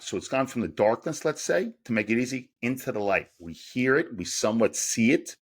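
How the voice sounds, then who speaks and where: A man's voice: on the low side, a bit bright, husky. A middle-aged man, a mental performance coach, explaining his method in an interview and asking himself rhetorical questions as he goes. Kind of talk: podcast interview answer.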